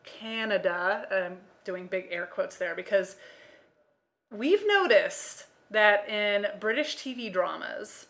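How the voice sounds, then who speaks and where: A woman's voice: medium pitch, sing-song, takes it slowly, vocal fry, a bit bright. An American woman co-hosting a podcast, chatting casually with lots of fillers and acting out quoted voices. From United States. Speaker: podcast co-host. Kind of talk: casual chat.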